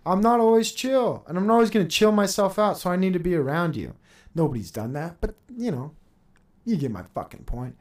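A man's voice: high voice, animated, a little fast, darkish tone. A man in his thirties hosting a podcast, ranting in a heated, profane and sarcastic monologue, laughing between points. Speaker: podcast host.

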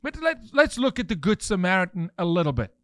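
A man's voice: sits high, big pitch swings, brisk, a bit bright, no room sound, studio quality. A man hosting a podcast, delivering impassioned commentary in a fervent, preachy way full of rhetorical questions. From South Africa. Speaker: podcast host. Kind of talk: impassioned commentary with scripture reading.

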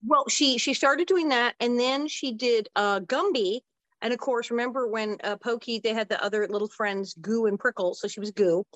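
Older woman guest, lively anecdotal talker with quick asides, dry close sound. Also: a little high, dry recording, lo-fi sound. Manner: animated, quick asides and acted-out quotes. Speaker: interview guest. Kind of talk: casual storytelling.

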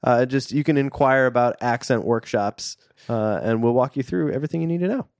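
A man's voice: mid-range voice, a little fast, no room sound. A man co-hosting a casual podcast, talking with a dry, sarcastic humor. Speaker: podcast co-host.

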